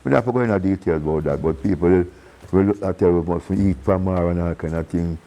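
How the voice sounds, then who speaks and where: A reggae singer with a Jamaican accent tells stories in a relaxed interview, his low, warm voice moving fast. He's theatrical, mimicking the people he quotes and laughing often. The recording quality is low.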